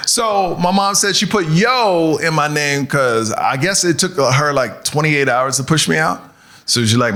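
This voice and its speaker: A man doing a stand-up set on stage, an animated storyteller who laughs as he talks. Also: a little high, unhurried. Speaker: stand-up comedian. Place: comedy club stage before a live audience. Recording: live set with audible crowd noise.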